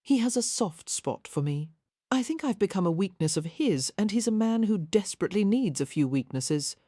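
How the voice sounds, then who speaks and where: Reading the part of a gentle young lady, Helen pitches above her own voice but stays close to how she normally talks. The tone is tender, medium-pitched and expressive at a moderate pace, in a studio-quality recording without room sound.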